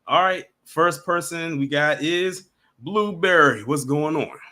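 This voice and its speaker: A man's voice: on the high side, takes it slowly. A man hosting a live stream, chatting casually and taking callers one by one. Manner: relaxed, chatty, laughs along with callers.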